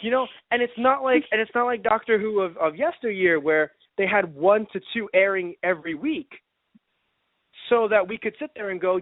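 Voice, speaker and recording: A high-pitched male co-host of a casual fan review podcast talks animatedly at a normal pace, acting out reactions and laughing often. The recording is dry and lo-fi, sounding like a phone, with no room sound.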